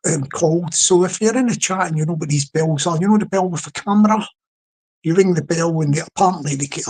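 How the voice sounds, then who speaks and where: A man with a London accent talks through a late-night solo live stream, his voice sitting a little high and sounding husky. He rambles and restarts, breaking off to greet people in the chat as he spins a comic story. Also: darkish tone. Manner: rambling, halting, with many restarts and asides to the chat; humorous storytelling.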